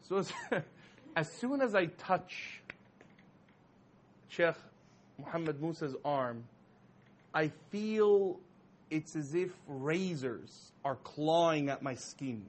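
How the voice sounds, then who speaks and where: Male storyteller, slightly high voice, animated and laughing, casual talk. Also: slow, long pauses. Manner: animated, laughing often, heavy use of "you know". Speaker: storyteller speaking to an audience.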